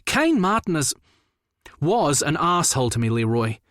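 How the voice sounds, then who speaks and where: A man voicing an angry, blunt young adult brother in an audiobook, talking in exasperated, sharp outbursts. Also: on the high side, sing-song, normal speed, dry recording, clean studio sound, voice pushed up. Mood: indignant. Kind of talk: audiobook character voice.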